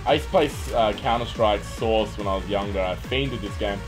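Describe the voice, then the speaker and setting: Over game music and gunfire, a young male streamer casually narrates his shooter gameplay live, swearing a lot and letting out yelps when things go wrong. He speaks at a normal pace in a lowish voice, and the recording is rough.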